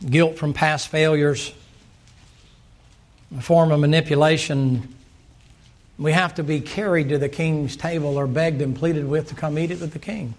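Preacher guy, highish voice, gets loud and animated then drops way down. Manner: animated preaching, swings from low asides to loud emphatic runs; acts out dialogue in quick playful voices. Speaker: pastor. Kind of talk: sermon.

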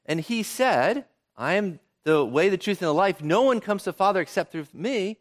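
A male preacher voicing an earnest young male college student explaining himself calmly and in a measured way. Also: sits high.

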